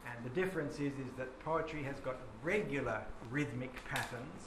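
A man's voice: mid-range voice, normal speed. A man giving a classroom lecture, explaining patiently and chanting rhythms aloud. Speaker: teacher. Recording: echoey classroom with background noise.

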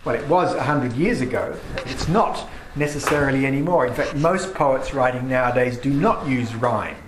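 A man's voice: mid-range voice, normal speed, noisy background. Male teacher in an echoey classroom. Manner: reads verse aloud with emphatic stresses. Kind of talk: classroom lecture on poetry. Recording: echoey classroom with faint ambience.

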